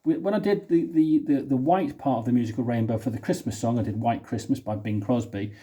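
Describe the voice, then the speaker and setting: Man, casual vlog talk, from the uk, rambling with restarts, middle pitch. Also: brisk, mellow. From United Kingdom. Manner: rambling, thinking aloud with many restarts. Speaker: singer and video host. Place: indoor room.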